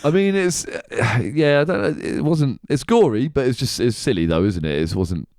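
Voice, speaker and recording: A podcast host with a medium-pitched, darkish voice chats animatedly at a moderate pace, recorded in studio quality with no room sound. His casual comedic talk rambles, and he swears and laughs often.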